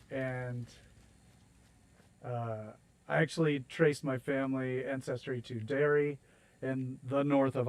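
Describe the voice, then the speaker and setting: On poor audio, an American male streamer with a mid-range, darkish voice chats while building in a game. He rambles, mocks himself, and laughs at his own jokes.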